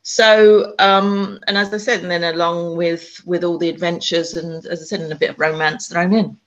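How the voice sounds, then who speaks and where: Halting woman telling her story. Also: on the low side, level tone, muffled recording. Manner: halting, many restarts and ums. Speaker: author and spiritual medium. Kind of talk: casual interview storytelling.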